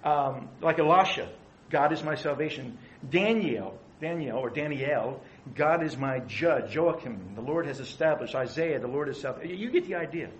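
A man's voice: a little high, expressive, moderate pace, dull audio, slight background noise. A middle-aged man preaching a conversational sermon, asking his listeners questions. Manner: conversational, asks the audience questions. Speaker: pastor.

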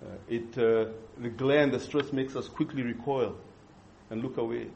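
A man preaching an expository sermon, earnest and measured, pausing and restarting as he thinks. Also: mid-range voice, fairly even intonation, vocal fry, a little mellow, a little hiss or hum. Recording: dull lo-fi recording.

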